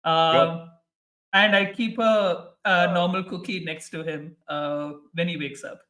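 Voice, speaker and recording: A man with a high-pitched voice describes what his character does in a tabletop game. He has a playful, theatrical delivery. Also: steady tone, slow pace, bright, forceful tone, distant mic. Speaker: player. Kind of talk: casual tabletop play.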